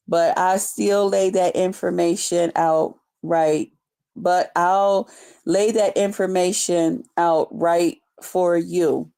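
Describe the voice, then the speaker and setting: A woman hosts a loose, unscripted live stream, chatting with her viewers and reading their comments aloud. She talks in an unhurried, drawn-out way and swears freely. Her laugh breaks in often between remarks. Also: deep voice, creaky, warm tone. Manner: slow-talking, loose, profane, chatty. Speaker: livestream host reading her chat. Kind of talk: casual unscripted live chat.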